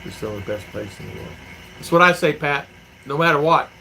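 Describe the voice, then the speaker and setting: Talking fairly quickly with lively intonation, this vlogger has a somewhat high, creaky voice against a noisy background. He's a middle-aged man from the US, livestreaming from home, answering viewer comments and rambling through folksy, repetitive stories.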